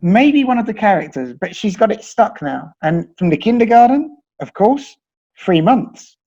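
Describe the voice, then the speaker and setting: A man's voice: sits high, sing-song, normal speed, creaky, mellow. A man with a British accent, chatting and telling anecdotes as a teacher in a webinar discussion. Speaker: English teacher. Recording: dull lo-fi sound.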